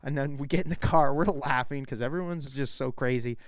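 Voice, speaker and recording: A man telling a story in casual chat as a show co-host, animated and profane, laughing often and acting out quotes in a higher voice. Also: a little fast, no echo, clean studio sound.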